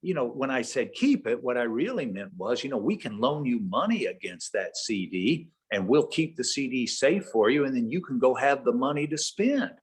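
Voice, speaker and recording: Storyteller's bit: a man voicing a pushy, salesy bank officer, raised pitch, husky edge. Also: very animated, normal speed, hardly any pauses. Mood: eager. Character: eager male bank vice president, pushy salesman.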